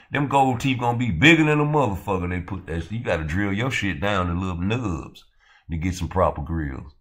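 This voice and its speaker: A man hosting his own channel, ranting and roasting others in a loud, profane, mocking way. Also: medium pitch. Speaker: channel host. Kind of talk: heated roast commentary.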